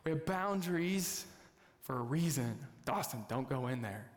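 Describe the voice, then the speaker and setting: A young man from the United States preaching a sermon as a pastor, telling a family story with lively, excitable bursts. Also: medium pitch, moderate pace. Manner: storytelling, animated, jumps to loud excited bursts. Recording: long hall reverb.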